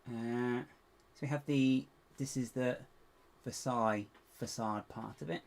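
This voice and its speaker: A man chatting to viewers in a casual building vlog, rambling to himself with playful squeaky exclamations. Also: steady tone, a little slow, creaky. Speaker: LEGO builder and channel host.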